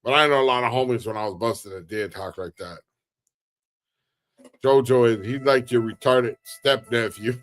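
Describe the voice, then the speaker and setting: A man's voice: medium pitch, normal speed, a bit bright, faint music behind. Laid-back man with street slang. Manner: laid-back, drawling, slangy with "homie" and "dog". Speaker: livestream host reading chat. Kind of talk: casual street-slang chat.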